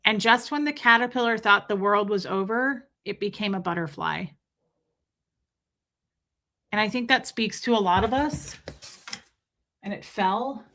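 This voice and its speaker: A woman's voice: mid-range voice, measured pace, long pauses, sharp tone. A young woman hosting a livestream, chatting casually with her viewers, telling stories and swearing freely. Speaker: livestream host.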